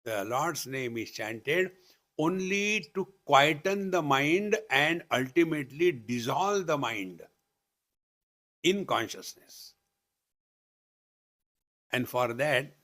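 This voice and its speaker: A man's voice: mid-range voice, lively intonation, slow pace, long pauses, fairly bright tone. Indian guy teaching meditation at a retreat, playful teasing, breaks into chanting. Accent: Indian English. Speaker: spiritual teacher. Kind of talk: live spiritual discourse. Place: retreat hall.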